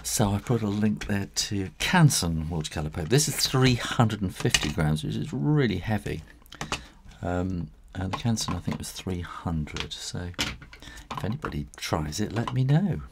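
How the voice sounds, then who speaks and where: A man's voice: deep voice, lively intonation, moderate pace, creaky, background noise. A man who illustrates books, talking through a live drawing tutorial in a chatty, rambling way with frequent chuckles, working in a studio next to his house. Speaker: illustrator and author.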